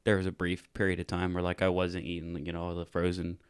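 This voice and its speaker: A man's voice: low-pitched, monotone, quick pace, clear, resonant tone, dry recording, clean studio sound. A young man co-hosting a podcast in casual chat, rambling and filling his sentences with "like". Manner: rambling, heavy use of "like" fillers. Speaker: podcast co-host.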